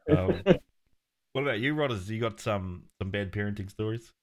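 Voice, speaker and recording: Low-voiced co-host, short joking asides. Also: male voice, expressive, normal speed, crowd noise. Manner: brief, joking interjections. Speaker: podcast co-host. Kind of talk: casual chat.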